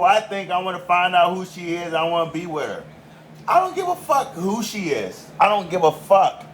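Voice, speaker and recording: A man's voice: medium pitch, slight background noise. A man with an American country accent ranting in a heated, profane monologue. He swears constantly and repeats himself for emphasis. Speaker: commentator.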